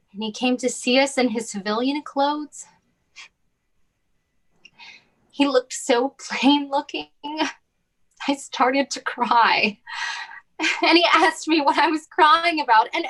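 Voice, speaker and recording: A high, unhurried voice from a woman playing a tender older sister who comforts her sibling. She talks softly, in a motherly way, unfolding each line slowly for a stage drama. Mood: gentle. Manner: soft, soothing and motherly.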